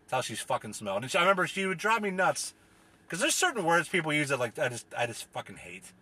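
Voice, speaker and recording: A man's voice: on the high side, big pitch swings, fast talker, pushed and bright, husky. A man from the US delivering a profane, rambling, exasperated comedic rant as a solo podcast host.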